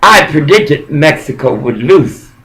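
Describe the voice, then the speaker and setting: Slow, high-voiced man preaching rambling. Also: lively intonation, a bit bright, poor audio. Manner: intense, halting, repeats phrases.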